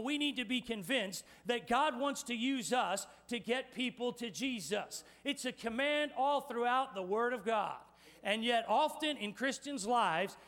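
A male pastor preaching a sermon, energetic and playful, directing volunteers in a live demonstration and speaking straight to the congregation. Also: very high-pitched.

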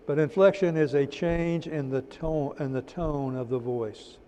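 Mellow-voiced man lecturing in a reverberant hall. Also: fairly high pitch, a little hiss or hum. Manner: repeats key terms slowly for note-taking; folksy, drops in "amen" and "praise the Lord". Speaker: instructor in a church teacher-training class. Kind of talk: classroom lecture with church asides.

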